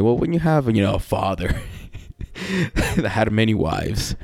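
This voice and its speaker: A man's voice: lowish voice, very animated, unhurried, vocal fry, darkish tone, breathy edge, no room sound. A man in a casual personal monologue, rambling and reflective, leaning on "you know" and swearing often, with wry sighs and laughs between thoughts.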